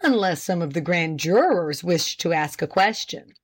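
A woman voicing a formal male prosecutor who questions a witness deliberately and pointedly. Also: fairly low pitch, lively intonation, a little hiss or hum, pitched below the performer's own voice, lightly acted. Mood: probing.

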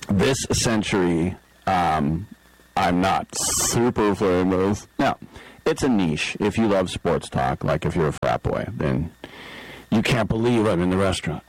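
A man's voice: low voice, no room sound, low-quality recording. A middle-aged man hosting sports talk radio, telling a rambling story and acting out the people in it. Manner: rambling storyteller, acts out quoted voices. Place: radio studio. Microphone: studio microphone.

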